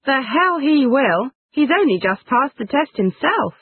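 A woman's voice: high voice, unhurried, no room sound. A woman reading English example sentences for a phrase lesson. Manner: reads short example phrases, lively intonation. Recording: tinny phone-like band, dry.

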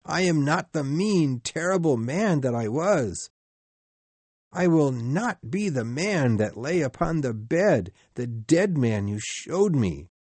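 A man's voice: medium pitch, very animated, unhurried, a little mellow, slightly rough, no echo, exaggerated voice. A man reading a storybook and voicing a frightened old miser who begs and cries out. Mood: anguished. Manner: pleading, rising to anguished cries.

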